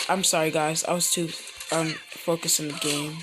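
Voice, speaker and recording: A woman telling a rambling fan story while gaming, halting often to correct herself. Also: sits low, flat delivery, low-quality recording. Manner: halting, frequent self-corrections. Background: music playing.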